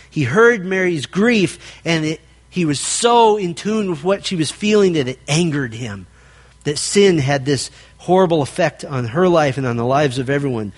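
A man preaching a sermon, speaking earnestly, repeating key points and addressing the men in the congregation directly. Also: a little high. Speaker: pastor.

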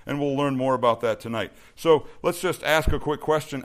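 A man's voice: mid-range voice, normal speed, hardly any pauses. Earnest man preaching a youth sermon. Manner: earnest, repetitive emphasis with restarts. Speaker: youth pastor.

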